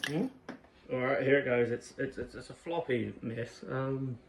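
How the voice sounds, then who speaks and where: A man's voice: mid-range voice, a little slow, background noise. A man from England doing a casual, self-mocking home cooking vlog, chatting to his dogs between steps. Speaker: cooking vlogger.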